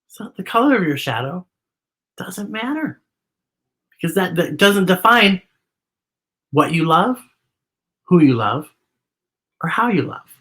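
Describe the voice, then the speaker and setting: Lady doing kids story time, super expressive voice that swoops up and down, bright and cheery tone, chats with the kids at home. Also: on the low side, a little slow, pauses often. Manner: animated, talks directly to young viewers. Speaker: children's story time host. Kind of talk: reading a picture book aloud to children.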